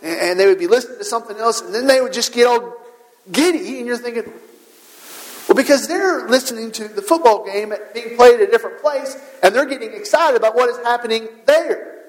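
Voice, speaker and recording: Male pastor, sermon delivery, higher-pitched, emphatic and questioning, recorded in a church with a long echo. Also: a little fast. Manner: earnest, rhetorical questions, emphatic repetition. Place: church sanctuary. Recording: long hall reverb.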